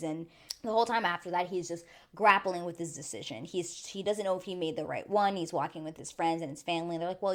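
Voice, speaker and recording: A woman talks straight to her viewers in a casual, chatty recap. Her voice sits a little low, and she keeps it lively by acting out what people said. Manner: chatty and animated, acting out quotes. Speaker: YouTube reviewer.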